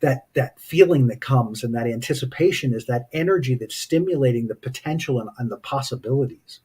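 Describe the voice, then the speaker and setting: A man's voice: medium pitch, fairly quick, darkish tone, breathy edge. A man speaking as a spiritual teacher in casual, reflective talk, telling personal stories in a thoughtful way. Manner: thoughtful, anecdotal storytelling.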